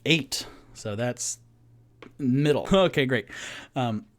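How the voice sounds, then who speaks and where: A young man narrating and running a solo tabletop game, excitable and rambling. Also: mid-range voice, takes it slowly. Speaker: game master and solo player.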